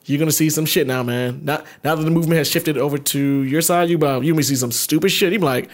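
A man co-hosting a podcast, bantering in an animated and profane way in casual chat. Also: fairly high pitch, fast talker, few pauses. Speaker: podcast co-host.

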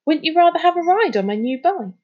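A woman's voice: very high voice, big pitch swings, fairly quick, voice pushed up. A woman voicing a curious little boy who asks blunt questions, on a dull lo-fi recording. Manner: wide-eyed, questioning.

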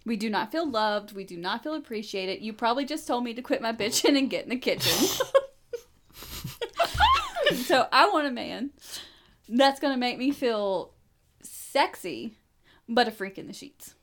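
Brief: outspoken female podcast guest, lively, a bit high, blunt and frank. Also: moderate pace, long pauses. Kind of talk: casual podcast chat.

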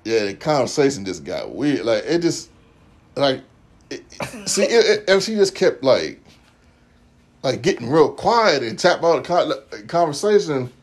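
A man's voice: medium pitch, sing-song, a little slow. A man chatting casually as a podcast co-host, rambling with lots of fillers and slang while recapping a TV episode.

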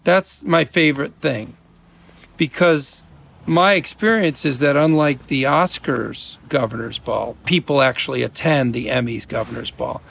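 A man's voice: medium pitch, normal speed, vocal fry, a bit bright, breathy edge. A man with an American Midwestern accent, an actor guest chatting casually in an interview, rambling and correcting himself as he goes. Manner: rambling, self-correcting, laughs easily.

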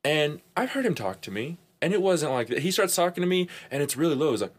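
A young man co-hosting a podcast, telling stories in casual chat, animated, laughing often and swearing freely. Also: on the high side, fast talker. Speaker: podcast co-host.

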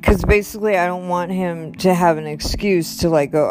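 Speaking at normal speed with few pauses, a middle-aged woman frankly recounts something that happened to her, raising her pitch to quote others and peppering it with "like" and "you know." Soft music plays in the background.

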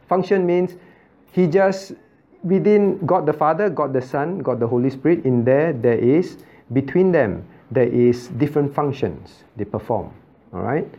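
A man, a pastor teaching a Bible study who keeps asking the class questions and repeating key points. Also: medium pitch. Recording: dull lo-fi recording.

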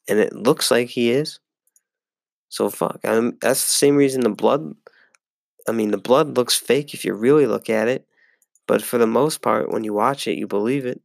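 Hosting a casual solo sports podcast, this young man speaks in a fairly low, gravelly voice. He wanders from point to point, curses openly, and leans heavily on fillers, all captured in clean studio sound without echo.

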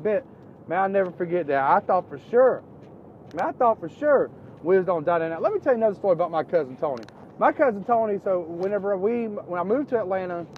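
A man from Florida spins loose stories in a slightly raised pitch, rambling with restarts and jumping into animated quotes. The sound is dull and lo-fi, with faint traffic outside. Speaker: storyteller. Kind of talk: casual storytelling.

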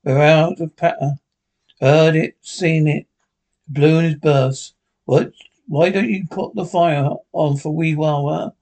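Men with Scottish accents acting as bickering old male pensioners in a sitcom, trading quick, sweary, deadpan banter. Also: fairly high pitch. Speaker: sitcom characters. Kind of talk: scripted sitcom dialogue.

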